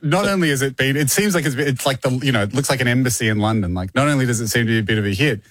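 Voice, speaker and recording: A man's voice: mid-range voice, racing, dry recording. A man, co-hosting a casual podcast chat and telling stories with frequent laughter. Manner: animated storytelling, laughs often. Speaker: podcast co-host.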